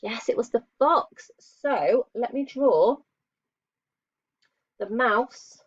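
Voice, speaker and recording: Speaking very slowly and expressively, a primary school teacher with a voice on the high side and a breathy edge patiently teaches young children. She asks them questions and praises them as she draws, and the recording is dull, lo-fi, and dry.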